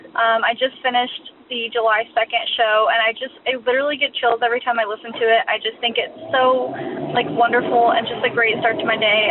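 A woman leaving a gushing, enthusiastic voicemail for a show. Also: fairly high pitch. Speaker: caller. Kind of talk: phone voicemail message. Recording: phone line with loud car noise.

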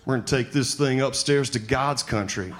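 A comic doing a folksy Southern pilot. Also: male voice, medium pitch, moderate pace, lightly acted. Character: folksy chatty male airline pilot. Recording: live stand-up recording with room noise.

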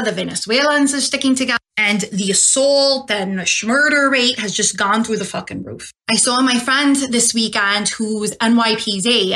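A woman's voice: fairly high pitch, bright, forceful tone. A woman speaking in an angry rant to the camera, with heavy swearing. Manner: angry, profane ranting.

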